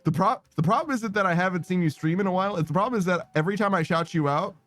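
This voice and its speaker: A man's voice: high-pitched, racing, a bit bright. A man streaming a game, chatting casually with his viewers, rambling, laughing often and swearing. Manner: giggly, rambling, self-mocking, swears a lot. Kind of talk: casual live-stream chat while gaming. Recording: dry close mic with faint music behind.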